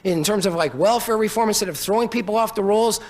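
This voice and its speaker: High-voiced rambling male candidate. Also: fast. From United States. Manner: rambling, digressive, eccentric showman. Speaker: presidential candidate. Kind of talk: rambling campaign speech.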